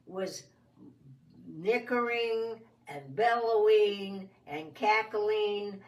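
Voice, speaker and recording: A woman telling a children's story in a folksy, expressive first-person way. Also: medium pitch, very slow, far from the mic. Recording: roomy sound from off the mic.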